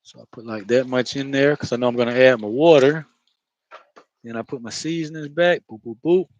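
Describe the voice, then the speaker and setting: A man's voice: medium pitch, a little fast, no echo, muffled recording. Laid-back florida guy talking while he cooks, rambling, cussing, laughing, dry close sound. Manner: loose, rambling, laughs and swears. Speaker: home cook. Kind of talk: casual cooking vlog talk.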